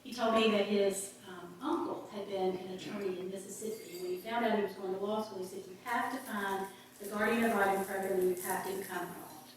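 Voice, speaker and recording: Lady telling a story to a club, lots of ums, boomy echoey room from far away. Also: steady tone, a little fast, slight background noise. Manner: earnest, folksy, frequent ums. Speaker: guest speaker on a volunteer advocate program. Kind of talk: storytelling talk to a club meeting.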